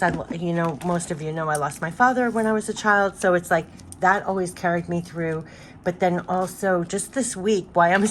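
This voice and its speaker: A woman's voice: mid-range voice, slight background noise. A woman doing a casual spiritual card reading, chatty and repetitive with many fillers, her voice congested from allergies.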